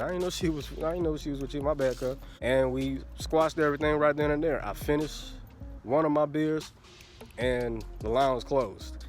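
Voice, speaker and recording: A man in his twenties telling a crude storytime vlog into his phone, laughing often and repeating a filler phrase. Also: medium pitch. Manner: crude, laughing, keeps saying "you know what I'm saying". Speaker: vlogger. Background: faint background music.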